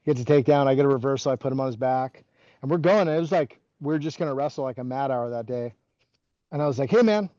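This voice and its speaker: Mellow-voiced man telling wrestling stories. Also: mid-range voice, fairly even intonation, quick pace, no room sound, highs cut off. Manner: rambling, heavy use of "like" and restarts. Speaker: podcast guest, former wrestling coach. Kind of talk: casual interview storytelling.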